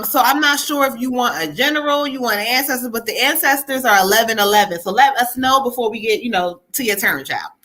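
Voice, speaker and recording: A woman's voice: on the high side, bright, forceful tone. A woman hosting a live-stream card reading as a psychic medium, chatty, laughing often and calling her viewers "child" and "y'all.".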